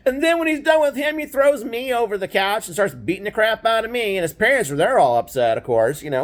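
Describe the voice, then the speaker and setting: A man's voice: high voice, sing-song, brisk, few pauses. Older man rambling through a childhood story. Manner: rambling, checks in with frequent "right?"; laughs wryly at grim memories. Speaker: grandfather storyteller. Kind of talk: casual personal storytelling.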